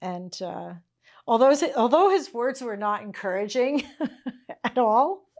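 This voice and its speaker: Slow-talking chatty woman tailor. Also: on the high side, animated. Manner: chatty, laughs often, checks in with "okay?" and "all right?". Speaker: tailoring instructor. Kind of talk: casual teaching chat with anecdotes. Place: her tailoring workshop.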